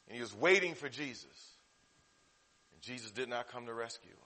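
A man preaching a sermon, dropping to hushed low passages and then building to loud, emotional peaks. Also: lively intonation, brisk, pauses often. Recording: long hall reverb.

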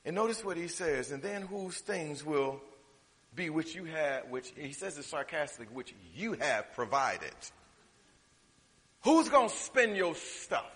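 A man preaching a sermon, swinging from loud, drawn-out declarations to hushed, quick asides. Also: a little high, expressive. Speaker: pastor. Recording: reverberant hall.

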